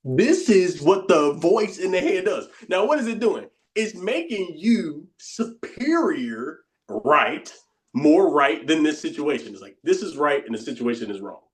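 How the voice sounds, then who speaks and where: This coach leading a bootcamp session speaks at a measured pace in a slightly high, sing-song voice. His lesson is informal and chatty, full of repeated phrases and quietly acted-out inner thoughts.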